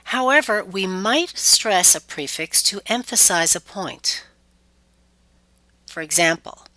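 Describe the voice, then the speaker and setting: A woman teaching pronunciation in a clear, deliberate scripted lesson, stretching out example words. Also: lowish voice, lively intonation, bright, forceful tone, no room sound.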